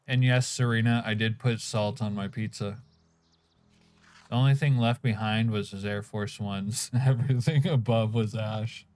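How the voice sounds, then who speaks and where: A man's voice: fairly low pitch, fairly even intonation, moderate pace, darkish tone. A man streaming a game, reading chat aloud and chuckling while he eats. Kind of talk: casual live-stream chat.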